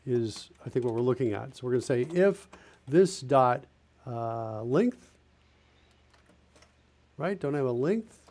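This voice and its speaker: A man's voice: mid-range voice, lively intonation, slow, pauses often, darkish tone. A man streaming a live coding session, thinking aloud as he types and corrects himself. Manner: thinking aloud while typing, self-correcting. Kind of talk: casual live-coding narration.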